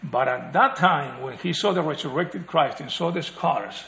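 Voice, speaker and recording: A man delivers a sermon in a slightly high voice. He is animated, chuckles and acts out the people he quotes, and drops to a near hush for emphasis. The room is noticeably echoey. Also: normal speed, gravelly. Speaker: preacher.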